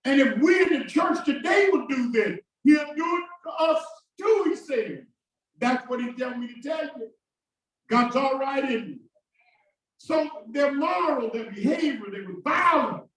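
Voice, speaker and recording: Impassioned preacher in an echoing church. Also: male voice, extremely high pitch, expressive, a little slow. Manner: call-and-response preaching, shouting bursts and sudden drops. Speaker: pastor. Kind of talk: sermon. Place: church sanctuary. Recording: very echoey church from a distance.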